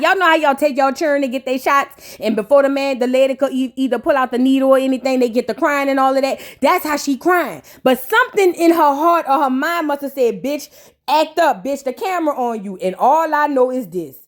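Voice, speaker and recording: A woman hosting a reaction show, recapping in a casual, animated, profane way and talking straight to her viewers. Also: high voice, brisk, hardly any pauses.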